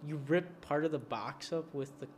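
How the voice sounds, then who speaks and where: A man hosting a casual podcast, playfully cutting in with quick questions. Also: on the high side, a little hiss or hum. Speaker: podcast host. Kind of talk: casual chat.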